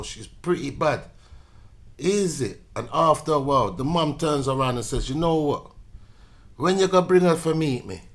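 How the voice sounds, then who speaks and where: Preachy man ranting with repeated "yeah?". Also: mid-range voice. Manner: preachy, repetitive, rhetorical "yeah?" checks. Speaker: commentator. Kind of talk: opinion monologue to camera.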